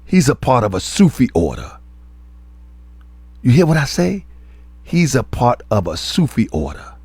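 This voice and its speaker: A man's voice: mid-range voice, wildly swooping pitch, measured pace, darkish tone, slightly rough, no room sound. A man, a religious teacher and show host, delivering a heated, confrontational online rant full of scolding repetition.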